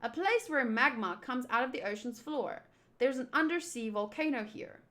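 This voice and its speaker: A woman reading a manga aloud, voicing a clever young woman navigator who explains things calmly. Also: high voice, normal speed. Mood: explaining. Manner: calm and explanatory.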